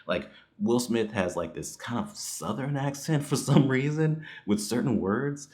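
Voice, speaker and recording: A man's voice: medium pitch, expressive, unhurried, a little mellow. A man giving a casual spoken movie review, rambling and chuckling as he goes. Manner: rambling, with frequent chuckles and fillers.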